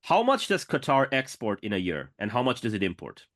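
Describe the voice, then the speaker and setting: Animated, profane male podcast host. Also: medium pitch, brisk. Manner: quizzing, profane, exasperated, repetitive. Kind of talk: casual political chat.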